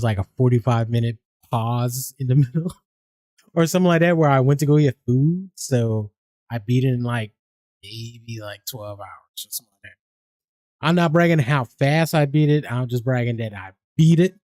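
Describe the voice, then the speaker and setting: A man's voice: medium pitch, lively intonation, normal speed, mellow, dry recording, clean studio sound. A man, chatting casually and rambling on his game stream, swearing freely and laughing often.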